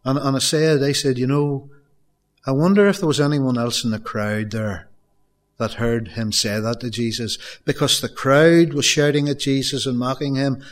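A man's voice: mid-range voice, fairly even intonation, moderate pace. A middle-aged man preaching a sermon, telling a story and repeating phrases for emphasis. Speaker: pastor.

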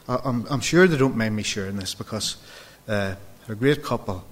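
A man's voice: fairly low pitch, a little fast. A man preaching a sermon, telling personal stories and acting out the dialogue as he addresses his congregation directly. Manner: storytelling, acts out dialogue, addresses the folks directly.

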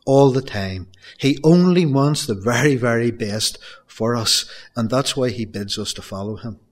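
A man's voice: medium pitch, a little slow. A middle-aged man preaching a sermon, telling a story and repeating phrases for emphasis. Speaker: pastor.

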